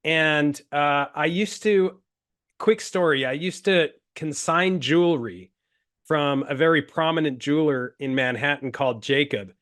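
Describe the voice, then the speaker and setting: A man from Utah speaking as a panel guest, telling a relaxed personal anecdote. His voice sits a little above the usual male pitch. He draws phrases out and pads them with easygoing fillers. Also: measured pace. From Utah, USA. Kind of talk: casual discussion, anecdote.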